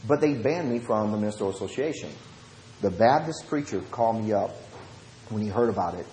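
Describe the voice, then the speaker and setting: Southern preacher telling lively stories. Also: male voice, a little hiss or hum. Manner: lively anecdotes, shifts between fast and slow low talk. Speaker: preacher and Bible study teacher. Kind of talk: storytelling lesson. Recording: roomy echo.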